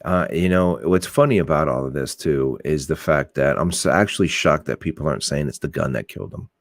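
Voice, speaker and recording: Blunt low-voiced man, dry sound. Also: brisk, no room sound. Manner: blunt, rambling, swears, restarts often. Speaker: podcast host. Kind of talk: casual opinionated talk.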